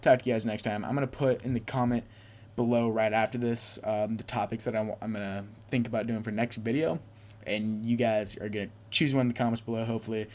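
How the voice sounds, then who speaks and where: A man's voice: on the low side, steady tone, fast talker, a little mellow. A young man telling a rambling personal story to his viewers in a casual, offhand way. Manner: rambling, quotes people with "I'm just like". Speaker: vlogger.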